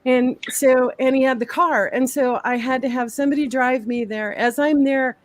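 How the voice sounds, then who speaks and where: A woman's voice: high-pitched, steady tone, normal speed. Chatty woman telling a story. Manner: chatty storytelling with many fillers. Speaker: guest tarot reader and medium. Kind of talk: casual chat.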